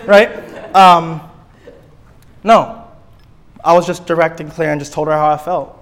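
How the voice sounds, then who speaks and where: A young man, a therapist teaching a church group in a lively, playful way, acting out little scenes and repeating his key points. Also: a little high, unhurried, long pauses.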